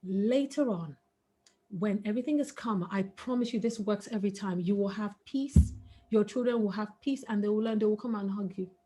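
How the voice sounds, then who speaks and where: A woman's voice: medium pitch, moderate pace, mellow, breathy edge. A middle-aged woman, a webinar guest speaker, giving parenting advice in an earnest, emphatic way. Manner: earnest, emphatic, breaks into laughter.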